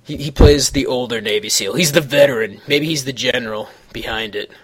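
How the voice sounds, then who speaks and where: A man hosts a casual podcast chat, rambling from tangent to tangent. He swears freely in a loose, offhand way. His voice sits at an ordinary pitch for a man. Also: fairly quick, slightly rough. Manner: rambling, profane, jumps between tangents. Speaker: podcast host.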